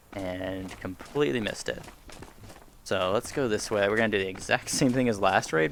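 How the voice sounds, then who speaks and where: A man with a low, gravelly voice talks through his VR shooter raids in a loose, rambling way, poking fun at himself and chuckling now and then. He speaks into a headset mic at home, with faint game sounds underneath. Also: pushed and bright, a little hiss or hum. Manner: rambling, self-deprecating, chuckles often. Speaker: gaming YouTuber. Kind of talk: casual VR gameplay commentary. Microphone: headset boom mic.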